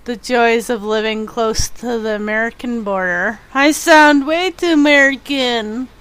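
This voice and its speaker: Slow-talking, smooth-voiced woman streamer. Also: fairly high pitch, fairly bright tone. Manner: chatty, giggly, reacts to chat. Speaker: game streamer. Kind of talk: casual chat with live viewers.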